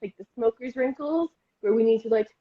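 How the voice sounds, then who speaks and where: A woman's voice: fairly high pitch, fairly quick, a little hiss or hum. A woman co-hosting a casual podcast chat, giggly and self-deprecating. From Canada. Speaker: podcast co-host. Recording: dull lo-fi audio.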